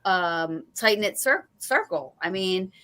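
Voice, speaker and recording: A woman's voice: mid-range voice, animated, slow pace, sharp tone. A woman hosting a casual livestream chat, rambling with lots of restarts and fillers. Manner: rambling, full of "you know" and restarts. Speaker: host.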